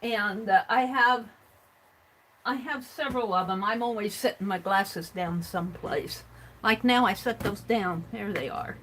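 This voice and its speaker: Unhurried and fairly bright, a middle-aged woman's medium-pitched voice rambles through casual livestream chat as she shows her crafts and reads viewer comments. The audio is poor, with slight background noise.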